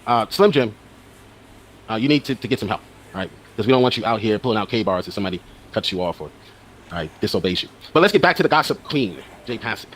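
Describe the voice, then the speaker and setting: A man's voice: fairly low pitch, animated, fast talker, a bit bright. A man talking in argumentative video commentary who presses the same questions again and again. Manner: presses his questions repeatedly.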